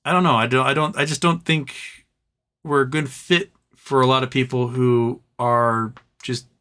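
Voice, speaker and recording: Bright-voiced man hosting a charity livestream. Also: mid-range voice, fairly even intonation, moderate pace. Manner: emotional, tearful while thanking viewers; talks fondly to his pet between comments. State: teary. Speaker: livestream host. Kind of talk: casual livestream chat reading donor comments.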